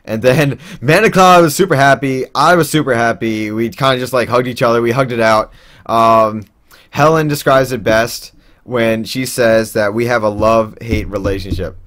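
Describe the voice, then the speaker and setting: A man's voice: medium pitch, normal speed, fairly bright tone. A young man telling a personal story in a casual, rambling way, with lots of fillers and restarts. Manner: acts out quoted people in raised voices.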